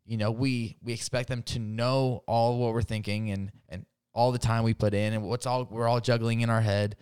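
A man's voice: mid-range voice, little pitch movement, moderate pace, a little mellow, clear, resonant tone, no echo, studio quality. A man talking as a podcast guest in casual chat, rambling with lots of fillers and laughing as he retells stories.

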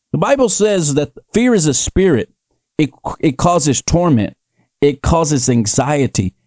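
A man's voice: a little high, dark tone, no echo. Guy preaching on his podcast, emphatic and repetitive, dry close sound. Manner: emphatic, repetitive, rising into fervent declarations. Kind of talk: preaching commentary.

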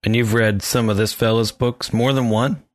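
A man's voice: medium pitch, fairly even intonation, moderate pace, dry recording. A man on a casual podcast, teasing his co-host with dry humor while asking questions.

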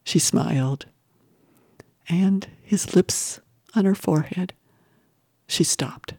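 A woman reading a novel aloud in measured, expressive audiobook narration, sometimes dropping to a whisper. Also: fairly low pitch, slightly rough, no echo, studio quality. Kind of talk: scripted narration.

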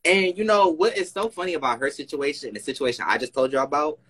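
A young man co-hosting a casual podcast, chiming in with teasing prompts and quick asides. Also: on the high side, a bit bright, breathy edge, poor audio. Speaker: podcast co-host.

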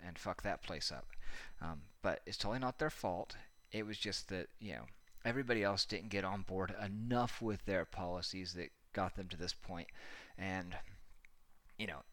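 Sarcastic low-voiced man ranting. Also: sharp tone. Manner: sarcastic, profane, rambling. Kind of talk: casual commentary monologue.

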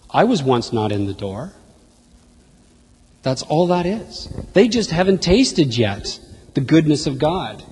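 A slightly high-voiced man preaching, his tone husky and a little breathy. He speaks in a chatty, lively way and talks straight to his listeners. His voice rings with a long hall reverb. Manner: conversational, animated, talks to the congregation. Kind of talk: sermon.

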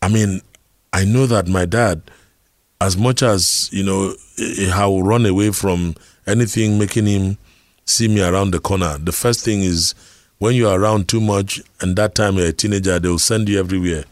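A man's voice: low voice, steady tone, moderate pace, no room sound, studio quality. A middle-aged Nigerian man giving an earnest talk on communication, telling personal stories and asking rhetorical questions. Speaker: speaker on communication skills.

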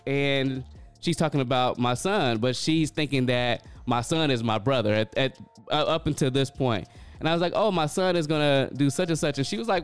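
A man's voice: mid-range voice, normal speed, smooth, faint music behind. A man, telling a casual story in a loose, chatty way full of filler phrases.

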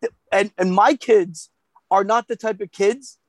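A man telling a story in casual chat, animated and profane, acting out the voices of the people he quotes. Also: sits high, measured pace, dry recording.

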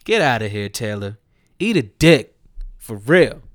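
A young man ranting profanely in a comedic way, mocking and heated, jumping between loud outbursts and muttered asides. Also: medium pitch, sing-song, measured pace, dry recording, studio quality. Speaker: commentator.

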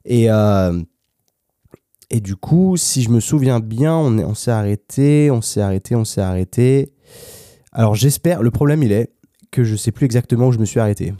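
A man's voice: medium pitch, fairly quick, mellow, no room sound, clean studio sound. A French man, a native French speaker, hosting a language practice podcast in an unscripted, casual monologue, thinking aloud with many restarts and fillers. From France. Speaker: host of an English practice podcast.

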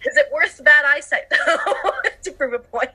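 Giggly, very bright woman podcaster. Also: sits high, expressive. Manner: giggly, quick, playful. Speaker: podcast co-host. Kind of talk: casual podcast chat.

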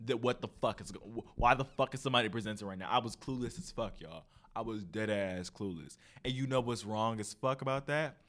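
A young man hosting a solo podcast, telling stories in a casual, profane, animated way, full of slang. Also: lowish voice, fairly quick, few pauses. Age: young adult. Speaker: podcast host.

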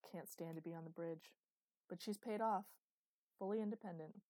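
A woman reading as a calm, gruff older man. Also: on the low side, normal speed, no echo, close to an everyday voice. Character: older male pilot guildmaster, calm and understated.

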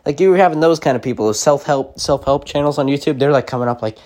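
A man's voice: medium pitch, quick pace, darkish tone. A young man talking casually in a mid-range voice, rambling from thought to thought. He starts over often and leans on filler words. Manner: rambling, full of likes and restarts.

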